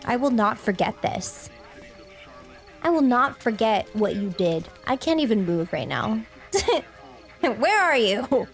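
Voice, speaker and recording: A woman reacting out loud as she plays a game, exclaiming and making mock threats at the characters. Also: on the high side, sing-song, takes it slowly, long pauses, faint music behind. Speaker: let's play streamer. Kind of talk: reacting while playing a game.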